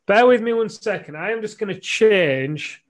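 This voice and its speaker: An English man with a fairly high voice hosts a live coaching stream, chatty and playful. He fills the talk with quick asides and banter. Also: lively intonation. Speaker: men's coach hosting a live show. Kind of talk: casual live-stream interview.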